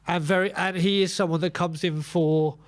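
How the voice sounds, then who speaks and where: A fairly high-voiced man hosts a casual fan show over a video call. He speaks in a friendly way, often stumbling and restarting his sentences. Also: steady tone, moderate pace. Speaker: host.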